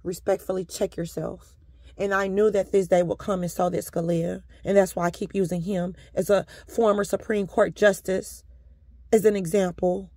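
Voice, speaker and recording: A woman's voice: mid-range voice, little pitch movement, moderate pace, mellow, no room sound. A woman delivering a combative, profane monologue to camera, with sarcastic politeness throughout. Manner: repeatedly addresses a listener as "sir". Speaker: vlogger.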